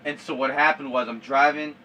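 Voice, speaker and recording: A young man recounts a story in loose, slangy storytelling. His voice sits a bit high and sounds bright and forceful, and he keeps saying "dude" between bursts of shouted sound effects. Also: steady tone, brisk, a little hiss or hum. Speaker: vlogger. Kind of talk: casual storytelling.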